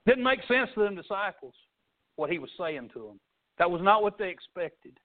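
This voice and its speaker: A man preaching a sermon, telling folksy stories and swinging between loud and soft. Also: sits high, sing-song, moderate pace. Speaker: pastor. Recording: tinny phone-like sound.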